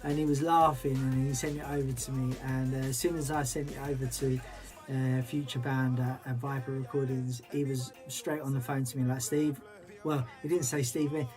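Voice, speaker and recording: A man's voice: mid-range voice, flat delivery, normal speed, darkish tone, faint music behind. Man, DJ host, casual livestream chat, upbeat, mid-range voice. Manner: upbeat, chatty, loose and slangy. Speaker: DJ and show host.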